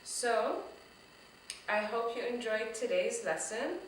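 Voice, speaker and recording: A woman teaching a children's drumming lesson, speaking slowly and encouragingly and chanting words loudly syllable by syllable. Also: fairly high pitch, animated, slight background noise. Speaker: teaching artist. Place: room full of drums. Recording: echoey room, voice a bit far from the mic.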